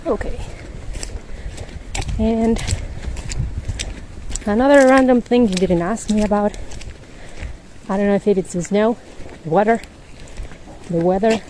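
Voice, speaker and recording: A woman's voice: medium pitch, steady tone, unhurried, long pauses, mellow, a little hiss or hum, rough recording. A woman hosting a podcast, chatting in a rambling casual way while walking outdoors on a snowy street, laughing often and a little winded. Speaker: podcast host.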